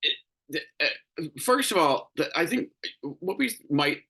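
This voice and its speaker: Tired, crabby male host on a profane rant, higher-pitched and bright. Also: animated, measured pace, slightly rough. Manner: profane, exasperated ranting. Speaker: show host. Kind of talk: solo commentary rant.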